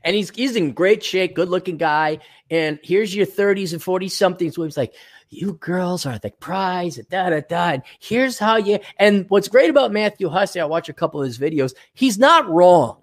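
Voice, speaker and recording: A man in loose, unscripted conversation, cursing freely and speaking his mind without softening it. His voice sits a little on the high side, and he drops into exaggerated impressions of other people while he rambles on. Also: normal speed, few pauses. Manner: blunt, profane, rambling with animated mock voices. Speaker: podcast co-host. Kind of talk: casual chat.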